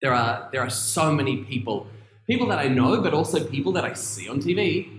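A man preaching a sermon in a church, earnest and reflective, with long pauses and emphatic stresses. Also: fairly high pitch, animated. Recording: roomy echoey room.

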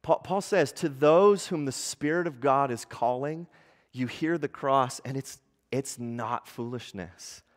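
A male pastor preaches in an animated way, his voice rising in intensity as he reads aloud. His pitch sits in the middle of the male range. The long reverb of a large hall trails after his words. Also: unhurried. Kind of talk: sermon.

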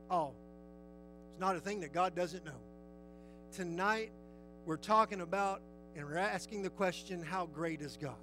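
A man preaching a sermon, earnest and folksy, who slows down to read scripture aloud. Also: sits high, fairly bright tone, low-quality recording. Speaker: pastor.

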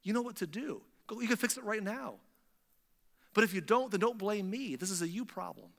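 A man playing God as an earnest, coaxing father figure. His voice is raised and bright, pressing each short line home. The sound carries a long reverb from a big hall. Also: sits high, animated, brisk, voice pushed up. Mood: pleading. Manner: urgent, coaxing, repetitive reassurance. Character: pleading divine father figure, earnest and firm.

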